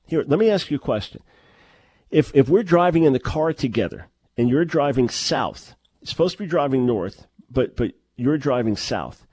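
A man's voice: medium pitch, darkish tone, no room sound. A middle-aged man preaching a sermon, emphatic and full of rhetorical questions, often restarting his words. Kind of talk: sermon-style teaching.

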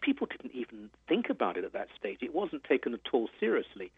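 British male guest author, earnest and measured, husky voice, dry phone-line sound. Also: medium pitch, wildly swooping pitch, dry recording. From England. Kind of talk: radio interview.

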